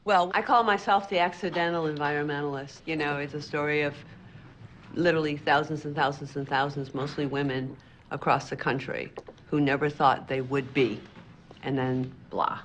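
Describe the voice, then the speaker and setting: A woman's voice: low voice, fairly even intonation, normal speed. A woman speaking as a community organizer, direct and encouraging as she coaches. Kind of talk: interview and workshop talk.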